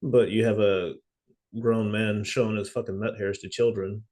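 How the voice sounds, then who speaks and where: A man's voice: on the low side, little pitch movement, normal speed, darkish tone. A man hosting a casual podcast chat, telling a story and acting out quoted exchanges.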